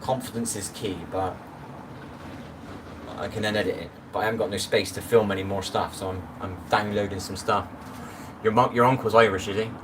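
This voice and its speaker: A man's voice: on the low side, fairly even intonation, fairly quick, background noise. Rambling man on a distant phone mic. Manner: rambling, greets viewers by name, chatty asides. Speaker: livestream host. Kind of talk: casual live-stream chat.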